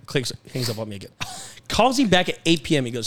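Animated young man telling work stories. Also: medium pitch, fast. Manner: animated storyteller, acts out phone calls, laughs often. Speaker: podcast guest. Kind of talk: casual storytelling chat. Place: podcast studio.

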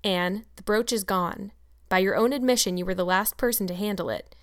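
A woman's voice: medium pitch, fairly quick, close to an everyday voice. Woman playing a stern, strict older woman. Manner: stern, sharp.

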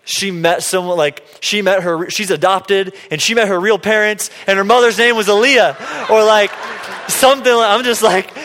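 Animated male preacher in an echoing hall. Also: high-pitched, moderate pace. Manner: animated, playful, quotes himself and others. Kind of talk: sermon storytelling. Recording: long hall reverb.

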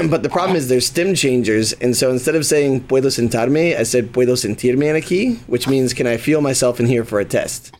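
A young man in casual podcast chat, telling a story with lively energy and playing the other people in it. His pitch sits in the ordinary middle range for a man. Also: a little fast, few pauses. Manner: animated storyteller, acts out quoted voices. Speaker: podcast co-host.

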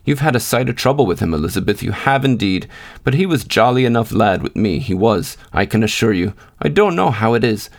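A man's voice: on the low side, expressive, brisk, creaky. A man voicing a fretful, tearful woman of about sixty who rambles in lament. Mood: musing. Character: elderly mother-in-law, tearful and fretful.

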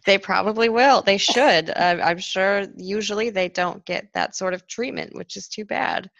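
Woman, lowish, calm, explanatory, dull lo-fi dry recording. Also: moderate pace, vocal fry, no room sound. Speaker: author. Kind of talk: casual interview chat.

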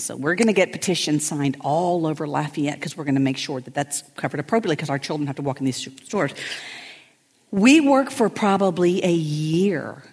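A middle-aged woman, a pastor's wife telling lively stories from a stage and acting out her friend's voice. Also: slightly rough. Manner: animated, acts out friends' voices with big pitch jumps. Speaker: pastor's wife speaking at a women's church event. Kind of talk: lively storytelling talk. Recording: hall reverb, from stage mic.

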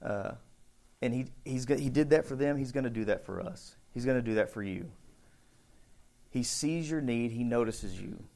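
A man preaching a casual, conversational sermon, acting out bits of the story with shouts and voices. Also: medium pitch, normal speed, creaky. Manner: conversational, thinks aloud with restarts. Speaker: pastor.

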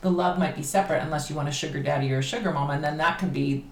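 A woman talking casually on a podcast about candle magic, chatty and animated. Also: low-pitched, racing. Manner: chatty, animated, laughs easily. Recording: roomy echo, faint background noise.

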